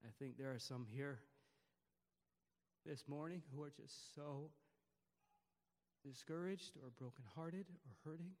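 A man preaching a sermon to his congregation, rising to loud emphatic peaks and dropping to quiet, hushed passages. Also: a little high, unhurried, long pauses, big-room sound. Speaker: pastor. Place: church service before a congregation.

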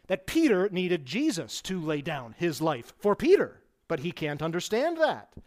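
A man preaching a sermon with emphatic delivery, swelling his voice for stress and dropping it low for asides. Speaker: pastor.

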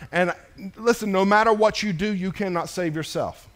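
A man preaching a sermon, swinging between loud, emphatic lines and soft, low asides to the congregation. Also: normal speed. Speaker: pastor.

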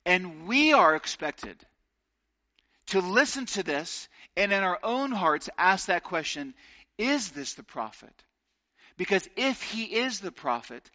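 Man, pastor, sermon, earnest, slow on key phrases, dull lo-fi recording. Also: sits high, sharp tone. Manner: earnest preaching, slows for emphasis on key phrases.

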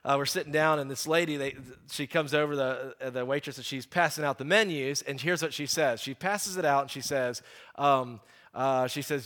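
A man in his forties preaching a sermon, telling stories in a lively, joking and sarcastic way. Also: medium pitch, moderate pace. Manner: lively, conversational. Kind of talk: sermon with storytelling.

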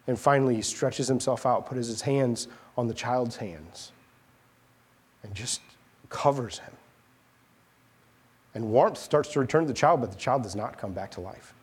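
Husky-voiced preacher, emphatic and animated. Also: male voice, medium pitch, a little slow, pauses often. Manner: animated, emphatic retelling of a scripture story with rhetorical questions. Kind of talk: sermon.

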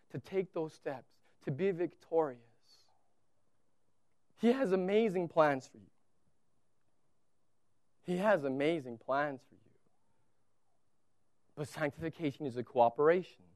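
A man preaching a sermon as a pastor in a church, telling a story with animated, repetitive emphasis. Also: on the high side, dry recording, studio quality.

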